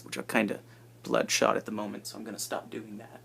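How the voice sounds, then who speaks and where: A man in his twenties chatting casually and self-deprecatingly, with hushed asides, into an iPad held at arm's length. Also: fairly low pitch, level tone, a little fast, vocal fry, a little hiss or hum. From United States. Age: 20s. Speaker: vlogger introducing himself. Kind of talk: casual rambling chat.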